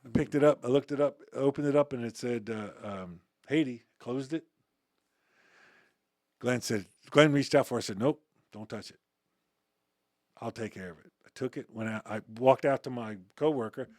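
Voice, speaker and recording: A man's voice: mid-range voice, moderate pace, dry recording, studio quality. A man who is the guest on an interview show, telling stories in casual conversation. He acts out quoted dialogue and restarts his sentences often. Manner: animated anecdote-telling, acting out quoted dialogue with frequent restarts. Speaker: interview guest, former uniformed security officer.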